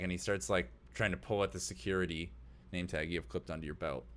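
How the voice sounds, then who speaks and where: A man's voice: deep voice, steady tone, fast talker, a bit bright. A man narrating as game master of a tabletop game, describing scenes loosely with many fillers.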